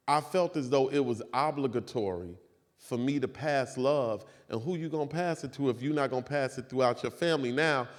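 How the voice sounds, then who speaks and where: A man on a panel telling stories animatedly, his voice jumping high and loud, recorded in a large hall before an audience. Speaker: panel guest, filmmaker. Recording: reverberant hall with audience noise.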